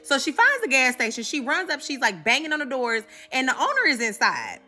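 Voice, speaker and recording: A sassy woman retelling a story for laughs, full of slang and asides to her viewers. Her voice is high and bright, and her pitch swings widely. Faint music plays underneath. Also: wildly swooping pitch, brisk. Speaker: comedy recap host. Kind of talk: casual comedic recap.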